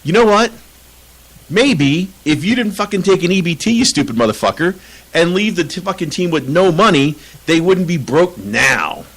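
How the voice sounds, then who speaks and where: Man, podcast co-host, lively swinging pitch, profane rants, laughs a lot. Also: moderate pace, breathy edge, poor audio. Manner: animated, profane ranting with frequent laughter. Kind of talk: casual soccer podcast chat.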